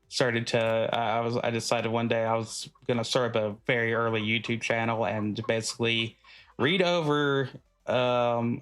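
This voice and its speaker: A man's voice: mid-range voice, fairly bright tone. A man hosting a podcast in casual chat, rambling with many fillers and frequent laughs. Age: adult. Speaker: podcast host.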